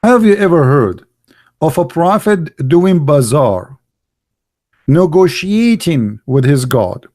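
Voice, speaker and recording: A man's voice: on the high side, big pitch swings, slow, darkish tone. A man giving a mocking polemical monologue, full of rhetorical questions and broken grammar. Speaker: religious commentator.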